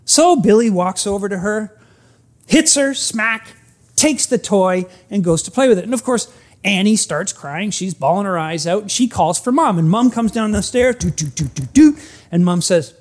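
A pastor giving an earnest sermon, slowing down for emphasis and acting out a story. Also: medium pitch, animated, a little mellow. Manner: earnest, emphatic, acts out stories; frequent restarts, slows for emphasis.

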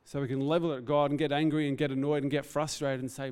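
An earnest man preaches, his voice sitting a little high for a man. He talks in a reflective, heartfelt way and speaks off the cuff. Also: little pitch movement, fast talker, hardly any pauses, a little mellow, clear, resonant tone, in a large hall. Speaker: pastor. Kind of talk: sermon.

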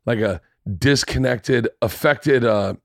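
Swearing, animated male podcast host. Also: mid-range voice, slow, gravelly, dry recording, studio quality. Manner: animated storyteller, swears freely, acts out voices. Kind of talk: casual storytelling chat.

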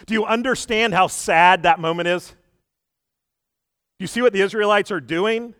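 A man preaching a sermon, telling the story with lively shifts between loud quoted lines and quiet asides, and often asking his listeners questions. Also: high voice, normal speed, pauses often, smooth, no room sound, studio quality.

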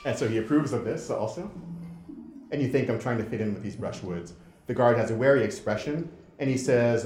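A man giving a lecture and running an interactive game demo, talking in a halting way with many restarts. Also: mid-range voice, expressive, darkish tone, roomy sound, slight background noise. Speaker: presenter.

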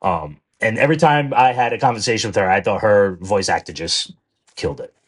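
A man talking in a rambling, animated way in a casual podcast chat, swearing now and then. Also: lowish voice, fairly quick. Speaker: podcast co-host.

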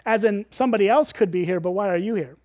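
A man with a high, light voice walks his listeners through a Bible passage in a relaxed teaching tone. He keeps raising rhetorical questions and checking in with them. The sound is close and dry, with no room echo. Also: fast.

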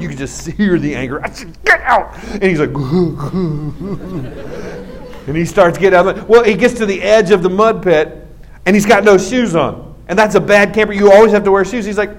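High-voiced animated storyteller man, twang. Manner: animated, acts out voices, laughs at own story. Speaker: comedian telling a story. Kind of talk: stand-up storytelling.

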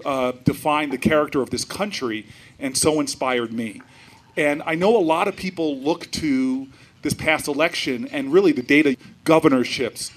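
A man from New Jersey, a senator, giving an animated public talk to an audience, telling stories with frequent restarts and asides. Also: mid-range voice.

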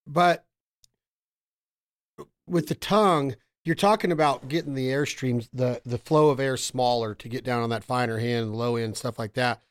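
A man hosting a podcast, chatting enthusiastically about calling technique and breaking into quick vocal imitations. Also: medium pitch. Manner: enthusiastic, imitates calls and singers mid-talk. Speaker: podcast host. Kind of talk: casual technical chat.

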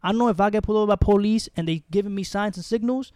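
A man's voice: high-pitched, very fast, darkish tone, clear, resonant tone, dry recording, studio quality. A young man, co-hosting a casual podcast chat and talking in a blunt, heated, slangy way. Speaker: podcast co-host.

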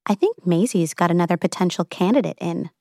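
A woman's voice: fairly quick, mellow, no room sound, clean studio sound. A woman voicing a chatty, eager young female coworker who drops her voice to gossip. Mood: conspiratorial. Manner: gossipy, lowers voice conspiratorially.

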